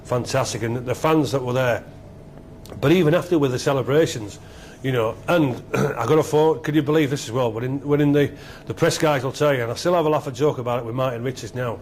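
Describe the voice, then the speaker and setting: A middle-aged man, a former rugby captain being interviewed, telling stories excitedly and repeating himself. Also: medium pitch, brisk, slight background noise. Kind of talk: animated storytelling interview.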